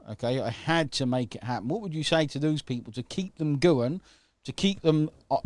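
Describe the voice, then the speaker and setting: A man's voice: mid-range voice, no room sound. A man hosting an online interview, talking casually and enthusiastically, often checking in with "okay?". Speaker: host.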